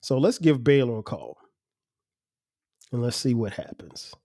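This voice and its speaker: A man's voice: mid-range voice, big pitch swings, unhurried, mellow, slight background noise. A man hosting his own podcast, talking casually and loosely, restarting his words as he goes. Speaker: podcast host. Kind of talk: casual solo podcast talk.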